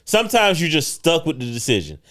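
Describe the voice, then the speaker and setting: A man's voice: fairly high pitch, wildly swooping pitch, fairly quick, fairly bright tone. A man co-hosting a podcast, talking emphatically and often checking in with "right?". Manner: emphatic, preachy, leans on "right?". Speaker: podcast co-host. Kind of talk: casual podcast talk.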